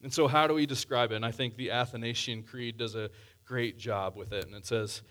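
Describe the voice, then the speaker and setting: Male pastor, mid-pitched voice, earnest conversational sermon with scripture readings. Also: steady tone, brisk, fairly bright tone.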